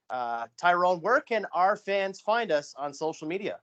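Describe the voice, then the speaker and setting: A man co-hosting a wrestling podcast, talking in a measured, announcer-like way as he wraps up the show. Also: on the high side, fairly bright tone. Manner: measured, announcer-style sign-off. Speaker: podcast co-host. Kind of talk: casual podcast chat. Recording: slightly dull lo-fi audio.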